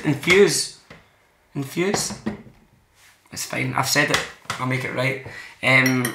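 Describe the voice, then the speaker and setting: A man talks his way through making tea in a playful, mock-serious ramble, trailing off and circling back. His voice sits at an ordinary pitch for a man. The kitchen rings with echo, and cutlery and dishes clatter behind him. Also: background noise. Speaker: host making tea on camera. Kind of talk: casual chat.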